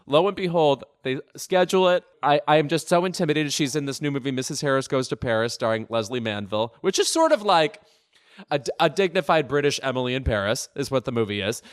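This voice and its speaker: A man's voice: medium pitch, expressive, quick pace. A man co-hosting a podcast, chatting about pop culture in a wry, sardonic, self-deprecating way. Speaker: podcast co-host. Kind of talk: casual pop-culture chat.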